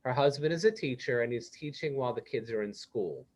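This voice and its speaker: A man's voice: mid-range voice, expressive, brisk, darkish tone. Conversational male psychiatrist presenting a webinar. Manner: conversational, role-plays supportive manager lines.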